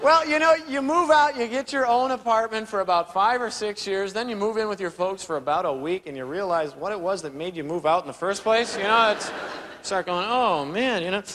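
A young man doing an animated stand-up routine on a theater stage, acting out characters with voices and sound effects. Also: high-pitched, brisk. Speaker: stand-up comedian. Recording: live theater recording with crowd noise. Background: audience laughter.

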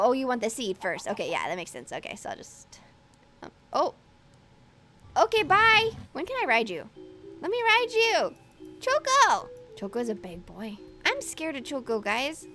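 A woman commenting on her game play in an excitable way, gasping and talking to her pets. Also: sits high. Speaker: gaming YouTuber.

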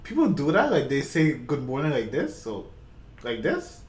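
A man's voice: mid-range voice, wildly swooping pitch. A young man hosting a reaction video, chatting casually and interjecting. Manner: chatty, quick interjections, upbeat sign-off. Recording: echoey room with background music.

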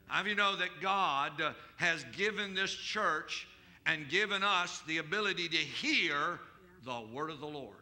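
A man preaching a sermon as pastor, calling out to his congregation with questions and rising to shouted declarations in prayer. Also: on the high side, normal speed. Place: church service.

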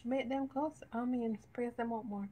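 A woman's voice: a little high, steady tone, normal speed, warm tone. A woman with a Jamaican accent hosting a live home cooking show, joking and giggling in casual chat. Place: home kitchen.

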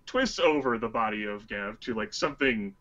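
A man's voice: fairly low pitch, lively intonation, normal speed, fairly bright tone, lo-fi sound. A man playing a tabletop game, describing his character's actions hesitantly with many fillers. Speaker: player. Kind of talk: casual tabletop play.

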